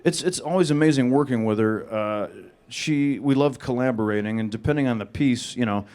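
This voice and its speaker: A man with a flat, monotone, deadpan delivery, answering audience questions on a panel. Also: mid-range voice, fairly quick.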